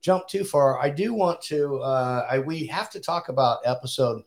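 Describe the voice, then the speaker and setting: This is an easygoing man co-hosting a homegrown podcast, laughing often and dropping the odd swear word. His voice is mid-pitched and plainly conversational. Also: moderate pace. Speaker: podcast co-host. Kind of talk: casual chat.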